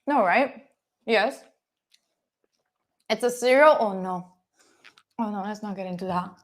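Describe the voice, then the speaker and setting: Cooking at home in her kitchen, a young woman from Italy talks to her stream in an Italian accent. She speaks at a measured pace in a mid-range voice, playfully teasing chat and cursing freely as she goes.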